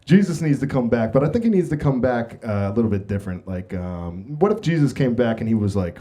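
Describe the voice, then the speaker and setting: A man's voice: medium pitch, sing-song, fairly quick, mellow. A man doing a blunt, confessional stand-up comedy set on a club stage. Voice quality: blunt, confessional, jokey delivery.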